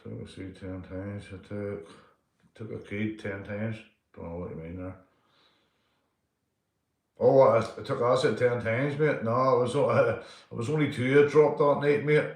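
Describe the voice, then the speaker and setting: A middle-aged man with a Northern Irish accent, telling rambling true stories and giving shout-outs on a live stream. He swears freely, laughs through his tales and keeps tagging lines with "mate". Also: lowish voice, measured pace, pauses often. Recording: roomy echo.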